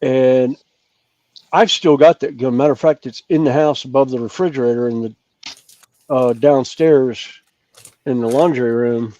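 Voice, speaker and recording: A Southern US man in his 50s, a regular on a hobby chat show, chats casually, rambling and poking fun at himself as he trails off into fillers. His medium-pitched voice is dark in tone at a moderate pace, in a dull, dry recording without echo.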